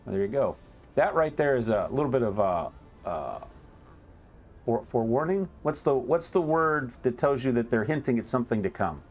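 A man's voice: mid-range voice, expressive, moderate pace. Casual, rambling gameplay commentator man. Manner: casual and rambling, often correcting himself. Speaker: gameplay video host. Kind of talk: let's play commentary.

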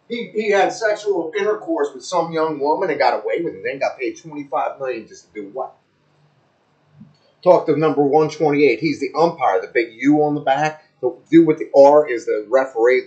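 Man, high-pitched, crude rambling amateur commentator, muffled lo-fi home recording. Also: normal speed, a little mellow, roomy sound. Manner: crude, joking, repeats himself. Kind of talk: rambling play-by-play over a televised game.

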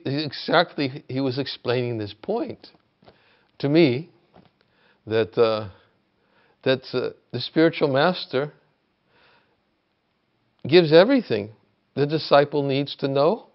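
Male spiritual teacher on a video call, gravelly and unhurried, halting delivery, muffled lo-fi audio. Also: mid-range voice. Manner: halting, restarts often, grows emphatic when retelling. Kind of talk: reflective spoken talk.

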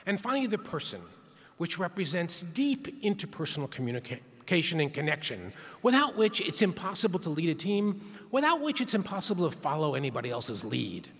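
This playful plenary talk comes from a male keynote speaker whose fairly high, husky, slightly bright voice moves through big pitch swings at a fairly quick pace. He runs call-and-response counts with the audience in a large conference hall.

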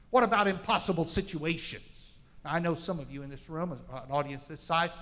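A man preaching a sermon in a large church, impassioned, with dramatic swings from loud to hushed. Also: sits high. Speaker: pastor. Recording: echoey church hall.

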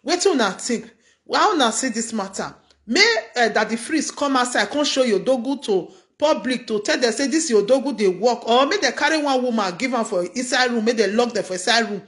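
A middle-aged Nigerian-accented woman with a slightly high voice runs through a gossip story like a vlogger giving casual commentary. She keeps checking in with "you understand?"

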